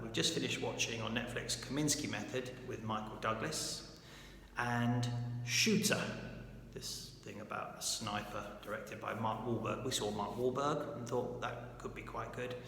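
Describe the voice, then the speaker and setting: A man's voice: medium pitch, creaky, a bit bright. A man giving a casual writing lesson, speaking informally and often checking in with "right?". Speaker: writer giving writing advice. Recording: echoey room with long reverb, faint background noise.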